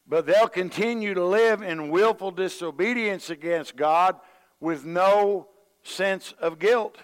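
A man's voice: high-pitched, slow, smooth, in a large hall. A man preaching a sermon, folksy and storytelling, acting out the voices he quotes. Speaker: pastor.

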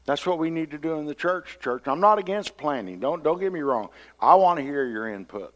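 A pastor preaching a sermon in a conversational style, often repeating words and acting out what people say. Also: male voice, fairly high pitch, expressive, fairly quick.

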